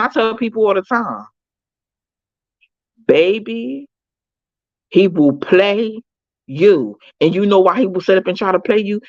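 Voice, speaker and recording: A woman's voice: on the low side, no echo, highs cut off. A woman who advocates for prisoners, giving an emphatic, preachy motivational talk, repeating phrases and calling her listeners baby.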